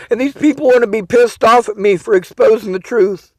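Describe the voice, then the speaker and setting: A man with a very high voice delivers an angry personal rant. He swears freely and lashes out at the people he blames. The sound is dry and close, with no room echo. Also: fairly quick, hardly any pauses, a little mellow. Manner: bitter, swearing, vents in outbursts. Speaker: vlogger.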